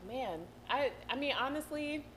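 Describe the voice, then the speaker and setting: A woman from Atlanta with a slight Southern accent, hosting a casual podcast chat, lively and quick to laugh. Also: sits high, slight background noise. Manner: lively, laughs often, affirming. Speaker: podcast host.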